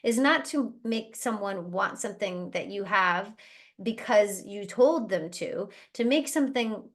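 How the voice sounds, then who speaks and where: A woman's voice: mid-range voice, animated. A woman who owns a travel business, chatting casually as she coaches her team on sales and now and then acting out other people. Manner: chatty, acts out other people in quick bursts. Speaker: travel agency owner leading team training. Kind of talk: casual motivational training talk.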